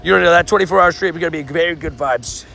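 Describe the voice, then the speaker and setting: A man's voice: fairly high pitch, rapid-fire, creaky, bright, forceful tone, a little hiss or hum. A young man chatting casually and cheerfully on a live stream outdoors, laughing often and restarting sentences. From not from New York. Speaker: livestreamer playing a mobile game outdoors.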